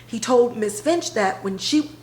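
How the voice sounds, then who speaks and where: A woman podcast host retelling a TV episode in a casual, animated way, full of filler words. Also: fairly high pitch, measured pace, reverberant, rough recording. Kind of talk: casual storytelling recap.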